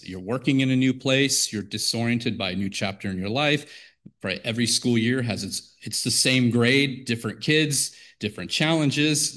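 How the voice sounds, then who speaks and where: A man's voice: lowish voice, fairly bright tone. A man giving an informal devotional talk to teachers, wordy and conversational, often restarting his sentences. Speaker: devotional speaker.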